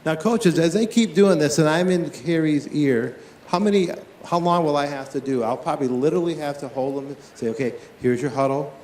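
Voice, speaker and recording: A man teaching tennis in a live on-court demonstration, talking to his players and to watching coaches with quick, lively questions. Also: a little high, reverberant, a little hiss or hum.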